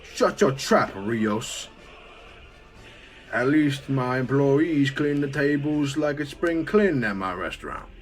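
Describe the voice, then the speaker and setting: A man's voice: on the low side, expressive, moderate pace, few pauses, faint music behind, close to an everyday voice. A man voicing a hot-headed Korean restaurant owner who talks with a heavy put-on accent. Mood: angry shouting.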